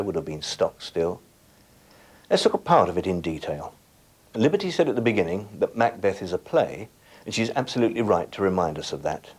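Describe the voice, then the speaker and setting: A man's voice: deep voice, darkish tone. A middle-aged man giving a scripted lesson as a teacher, addressing viewers directly and setting them tasks. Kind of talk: scripted educational presentation.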